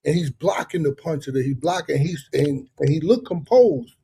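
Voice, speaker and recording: A fairly high-pitched man with a husky, mellow tone. He hosts a live boxing chat, swearing freely and spinning animated stories with plenty of fillers and restarts. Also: moderate pace. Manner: animated, profane storytelling with many fillers. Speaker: live show host. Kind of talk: casual storytelling chat.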